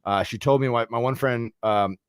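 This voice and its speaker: A man from Philadelphia tells a story as a podcast guest, animated and full of swearing, stumbling over restarts as he goes. His voice sits at an ordinary middle pitch. The sound is dry and close, with no room around it. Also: normal speed, clean tone, dry recording. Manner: animated, profane, lots of restarts and fillers. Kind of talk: casual storytelling chat.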